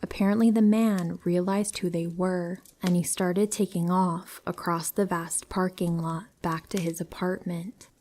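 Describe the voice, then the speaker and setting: A woman narrating a true horror story aloud in a slow, unhurried way. Her voice sits low for a woman and sounds dark and mellow. She tells it in a calm, measured manner. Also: slight background noise.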